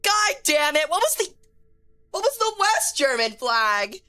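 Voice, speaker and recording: A woman streamer giving casual live game commentary, excitable and quick to swear, chatting with her viewers. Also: high voice. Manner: excitable, swears a lot when frustrated, chats with viewers.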